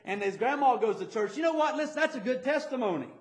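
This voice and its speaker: A man's voice: extremely high pitch, animated, fast, echoey room. A man preaching a fervent sermon as pastor, stumbling over repeated words as he builds his points. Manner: stammering repetitions, fervent preaching.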